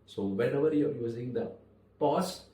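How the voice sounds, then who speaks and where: A man teaching public speaking, talking in measured phrases with deliberate pauses and stressed words. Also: medium pitch, warm tone. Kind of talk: spoken lesson to camera. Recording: echoey room, voice a little far from the mic.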